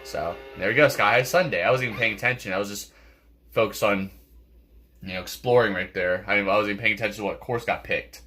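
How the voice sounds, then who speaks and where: A man's voice: lowish voice, fast, pushed and bright. Congested young man rambling over game music. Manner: rambling, repeats words, many fillers. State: congested, clearing throat. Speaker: gaming channel host. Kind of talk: casual gameplay commentary. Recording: game music playing behind.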